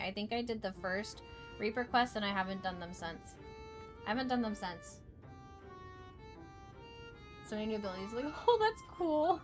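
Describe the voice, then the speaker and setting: A woman talks casually to her stream, rambling and repeating lines, then jumping into sudden high, excited squeals. Her voice sits at a middling pitch. Game music with a clear violin line plays behind her throughout. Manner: chatty, excitable, repeats herself, bursts into squeals. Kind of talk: casual gameplay livestream chat.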